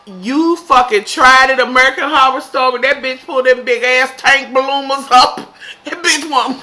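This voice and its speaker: A woman casually recapping a TV episode, swearing freely and shouting in disbelief. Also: sits high, fairly even intonation, moderate pace, faint music behind. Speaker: TV episode reviewer.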